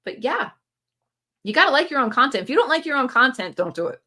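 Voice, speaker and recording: A woman's voice: sits high, very animated, fast talker, bright, forceful tone. A woman hosting a casual live stream, reading viewer comments aloud and answering them in an encouraging, coaching tone, recorded on a phone camera. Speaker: booktube channel host.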